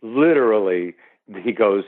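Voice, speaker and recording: A middle-aged actor talking as an interview guest, rambling through anecdotes with lots of "you know" restarts. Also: male voice, lowish voice, lively intonation, unhurried. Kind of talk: casual interview storytelling. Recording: tinny phone line.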